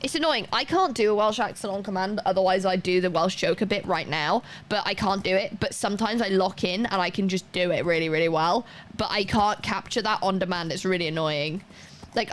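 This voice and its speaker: A woman's voice: medium pitch, a little hiss or hum. A young woman streaming a game live, chatting casually and drifting off on tangents. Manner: rambling, chatty, goes off on tangents. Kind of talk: casual chat while gaming live.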